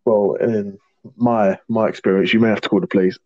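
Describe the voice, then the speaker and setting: A man's voice: lowish voice, fairly even intonation, a little fast, darkish tone, dry recording, lo-fi sound. A young man co-hosting a casual podcast, jokey and swearing, often restarting his words. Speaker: podcast co-host. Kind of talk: casual chat.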